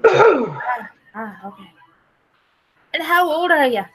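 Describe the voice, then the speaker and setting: A woman's voice: sits high, big pitch swings, slow, soft background music, pitched above the performer's own voice, full character voice, low-quality recording. A woman voicing a sly, crude male leprechaun with a lilting put-on brogue, as a figure in a told joke.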